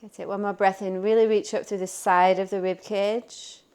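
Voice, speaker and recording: Yoga teacher, woman, smooth clear voice, calm upbeat pose-and-breath cues. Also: medium pitch, moderate pace. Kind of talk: guided yoga class instruction.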